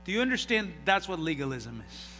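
A man preaching in a church with a bright, higher voice, acting out the people in his stories. The sound is a live recording with a long hall reverb. A faint electrical hum sits underneath. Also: a little fast. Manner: animated storytelling with acted-out voices. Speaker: pastor. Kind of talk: sermon. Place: church sanctuary.

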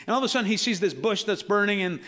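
Bright-voiced, animated male preacher. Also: sits high, very fast. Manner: conversational and animated, acting out Bible characters with casual asides. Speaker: pastor. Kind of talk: sermon.

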